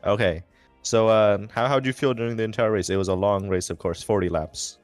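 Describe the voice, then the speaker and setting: A young man with a fairly low, evenly pitched voice talks briskly while commentating a racing livestream and interviewing a driver afterward. He rambles and jokes, full of fillers and restarts. The recording has no room sound, just faint music in the background.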